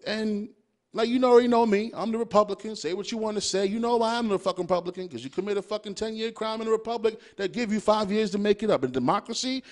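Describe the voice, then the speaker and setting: Young male podcast host, high and very animated voice, profane casual rant. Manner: animated, swearing freely, riffing with rhetorical questions.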